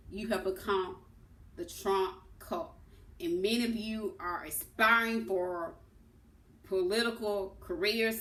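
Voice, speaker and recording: A woman speaks slowly and deliberately in an impassioned political monologue. She leans hard on key words. Her voice rings in an echoey room. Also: medium pitch, a bit bright. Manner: impassioned, emphatic, stresses words. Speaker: political commentator.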